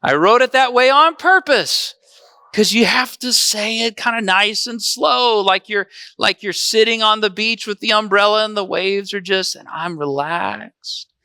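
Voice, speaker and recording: A man's voice: high-pitched, normal speed, pushed and bright, clean tone, no room sound, studio quality. A man preaching a conversational sermon as pastor, often asking the congregation questions.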